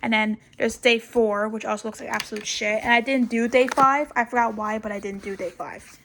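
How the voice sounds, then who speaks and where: A woman's voice: a little high, fairly even intonation, fairly quick, a bit bright, slight background noise. A young woman giving a casual, rambling sketchbook tour, swearing a lot and mocking herself. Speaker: vlogger.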